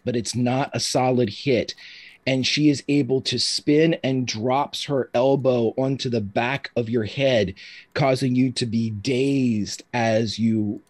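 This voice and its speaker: A man running a tabletop game as game master, narrating the action in a loose, descriptive way with fillers. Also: mid-range voice.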